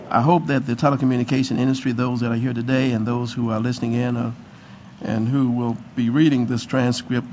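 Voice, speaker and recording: Man, hoarse, formal prepared remarks, meeting room, slightly muffled sound. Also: mid-range voice, slight background noise. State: hoarse from the flu. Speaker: committee chair presenting.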